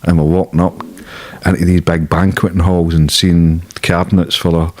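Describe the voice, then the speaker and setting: A man's voice: sits low, little pitch movement, normal speed, darkish tone. A Scottish man, a guest in an interview, telling stories in a blunt, casual way with plenty of swearing. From Scotland. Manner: blunt, swearing freely, laughing at his own stories.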